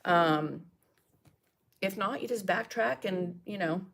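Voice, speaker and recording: A woman's voice: medium pitch, takes it slowly, gravelly, fairly bright tone. A chatty middle-aged woman teaching a live painting lesson, talking viewers through each brush step. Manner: chatty, greets viewers and coughs and laughs between steps.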